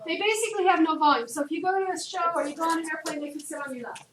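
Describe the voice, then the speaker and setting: A woman's voice: very high voice, very fast. Woman chemistry teacher, chatty classroom lecturer who quizzes students; distant mic with room echo. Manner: lively, chatty, asks the class questions. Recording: echoey room, distant, noisy.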